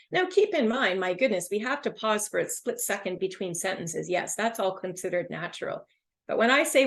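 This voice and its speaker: A woman instructor leading an online exam prep lesson in an upbeat, emphatic way. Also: medium pitch. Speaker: webinar instructor.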